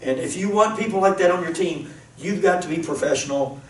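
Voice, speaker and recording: Pastor guy talking earnest and casual, bit high voice, far off mic, roomy echo. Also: a little fast. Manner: earnest, repeats himself as he thinks. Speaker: pastor leading a planning discussion. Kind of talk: casual teaching talk. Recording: roomy, distant mic, faint noise.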